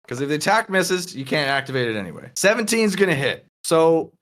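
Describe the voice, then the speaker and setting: A man's voice: on the high side, sing-song, fairly quick, a bit bright, slight background noise. A man running a tabletop game as game master, patiently explaining the rules and narrating the action. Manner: patient, explanatory, breaks into voices.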